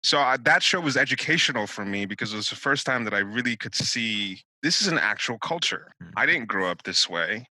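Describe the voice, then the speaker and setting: A man's voice: medium pitch, expressive, fairly quick, few pauses, pushed and bright, no room sound, rough recording. A man co-hosting a podcast in casual discussion, talking bluntly and thinking aloud with restarts. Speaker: podcast co-host.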